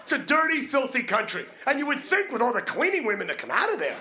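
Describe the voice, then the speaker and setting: Loud brash stand-up guy, high voice swinging all over, noisy club recording. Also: fast talker. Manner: brash, crude, animated punchlines. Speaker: stand-up comedian. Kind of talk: stand-up comedy set.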